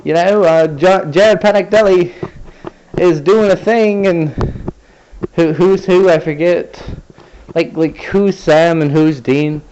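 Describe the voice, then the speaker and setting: A man's voice: a little high, slow, a little mellow, highs cut off, a little hiss or hum. A man telling a rambling, sarcastic story to camera, swearing freely as he goes. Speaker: vlogger.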